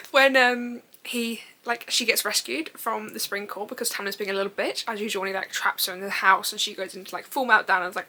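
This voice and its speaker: A young woman chatting in a reading vlog, gushing and giggling, rambling excitedly and swearing casually. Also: mid-range voice, brisk, few pauses. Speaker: book vlogger.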